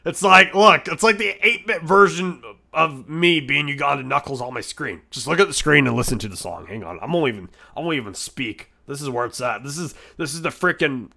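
A man streaming in character as a brash male echidna, reacting with crude jokes and loud goofy outbursts. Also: fairly high pitch, lively intonation, fairly quick, vocal fry, few pauses.

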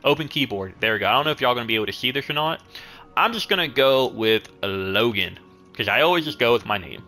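Excitable young gamer guy. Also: medium pitch, fast talker, soft background music. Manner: excitable, swears a lot, laughs often. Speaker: gaming YouTuber. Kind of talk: casual let's-play commentary.

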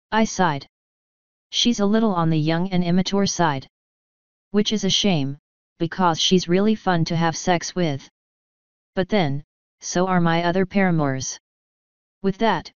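A woman reading a fanfiction story aloud in an even, measured way, giving every character the same plain voice. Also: fairly low pitch, smooth, no room sound. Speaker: fanfiction reader. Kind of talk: audiobook-style story narration. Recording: dull, slightly lo-fi sound, dry close mic.

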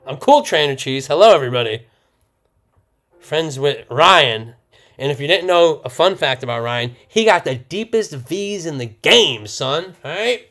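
A young man live-streaming a card opening, loud and swearing, laughing and shouting with excitement. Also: fairly high pitch, measured pace. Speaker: streamer opening trading cards.

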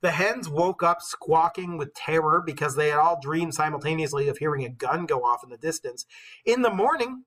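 A male teacher reading a novel aloud with expressive storytelling, pausing to comment for his class. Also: fairly high pitch, rough recording.

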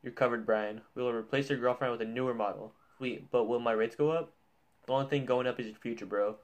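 Guy youtuber reading out wrong-number texts, jokey, cusses a lot, middle pitch. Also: steady tone, fast talker. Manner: swearing, joking, reads texts aloud. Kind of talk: casual reaction commentary.

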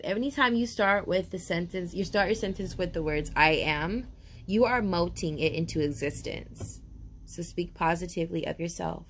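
A woman giving a tarot reading for viewers in a casual video, talking in a lively, confident way and calling them baby and honey. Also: on the low side. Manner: chatty, sure of herself. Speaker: tarot reader.

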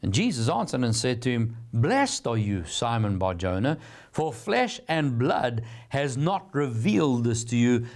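Man, middle-aged, pastor, sermon, earnest, reflective, teaching tone, average pitch. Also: darkish tone.

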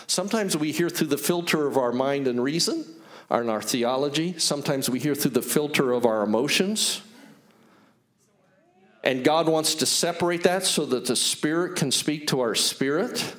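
Male pastor, sermon, animated storytelling, earnest, slightly high voice. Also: moderate pace. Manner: animated storytelling, acting out quoted dialogue; earnest, personal testimony.

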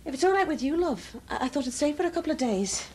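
A woman's voice: high-pitched, lively intonation, fast, background noise. A bossy mother. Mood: coaxing. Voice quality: scolding, blunt. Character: bossy, sharp-tongued middle-aged mother. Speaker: mother visiting her son. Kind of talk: TV soap acting.

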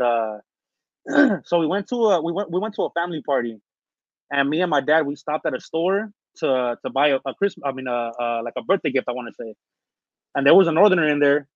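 Fast-talking man from Northern California. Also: a little high, no echo. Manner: rambling, many fillers and restarts, street slang. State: recovering from illness, clearing throat. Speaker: interview guest. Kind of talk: casual storytelling interview. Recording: dull, lo-fi dry recording.

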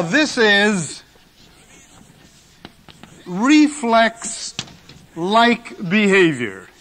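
A man giving a lecture on general semantics, stressing and repeating key words with dramatic pauses, in an old 1970s recording. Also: high voice, a bit bright.

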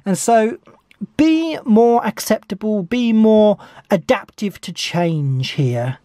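A woman's voice: medium pitch, expressive, slow pace, warm tone, dry recording, clean studio sound. A woman giving a tarot reading, talking eagerly and repeating her encouragements over and over. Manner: enthusiastic, repetitive encouragement. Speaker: tarot reader.

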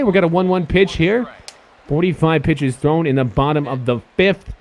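A young man giving excitable, swearing commentary while he plays a baseball video game. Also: fairly high pitch, normal speed. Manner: excitable, swears and yells at the players. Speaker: gaming YouTuber.

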